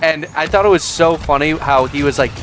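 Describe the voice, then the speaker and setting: A man's voice: fairly high pitch, a little fast, fairly bright tone, a little hiss or hum. A man giving casual reaction commentary as a vlogger, sarcastic and rambling with restarts.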